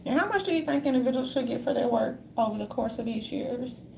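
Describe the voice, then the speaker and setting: Sassy gravelly woman calling everyone darlings. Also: high voice, fast talker, a little mellow, slight background noise. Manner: sassy, calls listeners darlings. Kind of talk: casual monologue reading from notes.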